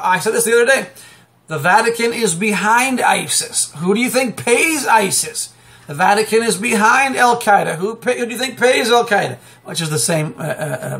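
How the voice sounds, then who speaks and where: A man preaching off the cuff, rambling and emphatic, breaking into sudden loud outbursts and chuckles. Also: high-pitched, gravelly. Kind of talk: fiery unscripted preaching monologue.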